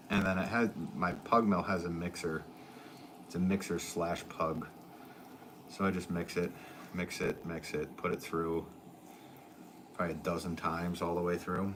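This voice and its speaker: A man with a low voice live-streams from his pottery studio, working clay while casually chatting with viewers and responding to their comments. There's slight background noise.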